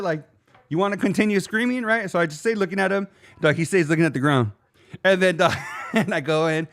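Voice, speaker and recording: A man co-hosting a podcast, telling a story in a casual, slangy way and calling people "dog" again and again. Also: on the high side. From Arizona. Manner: animated, slangy, says "dog" constantly. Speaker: podcast co-host.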